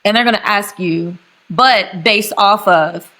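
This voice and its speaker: A woman's voice: medium pitch, a little slow, pushed and bright, rough recording. A young woman with a St. Louis accent talks candidly on a video call. She is a guest on a podcast, and she chats freely and laughs easily. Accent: St. Louis, Missouri. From St. Louis, United States. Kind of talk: casual podcast chat over video call.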